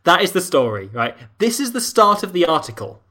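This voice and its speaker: A man's voice: high-pitched, very animated, fairly quick, bright, forceful tone. A Welsh man co-hosting a casual chat, laughing often and reading an article aloud with mock drama. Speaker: podcast co-host.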